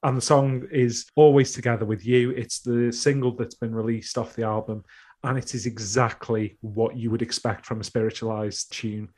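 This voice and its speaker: A man's voice: medium pitch, little pitch movement, normal speed, a little mellow. A man co-hosting a music podcast, chatting casually in a dry, opinionated, sweary way. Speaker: podcast co-host.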